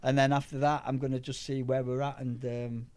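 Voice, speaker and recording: A middle-aged man, a powerlifter guest telling rambling, animated anecdotes in casual chat. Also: medium pitch, a little fast, clean tone. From England.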